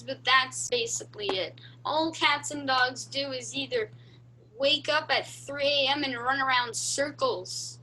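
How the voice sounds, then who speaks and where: A woman's voice: sits high, a little slow, sharp tone, low-quality recording. A young teen girl improvising a comedy scene on a video call, firing back with defiant, mock-grand retorts. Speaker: improv camp performer.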